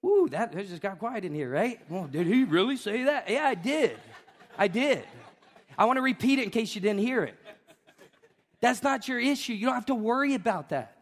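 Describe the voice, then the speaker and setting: A high-voiced man preaches a sermon, emphatic and emotional, firing off repeated questions and building to shouts. His voice rings through a church sanctuary with a long reverb tail. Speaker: pastor.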